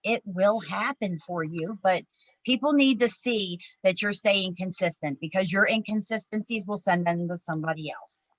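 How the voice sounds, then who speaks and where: Woman, video call co-host, upbeat, encouraging, mid pitch, dry sound. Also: moderate pace, dry recording, poor audio. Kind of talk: casual motivational chat.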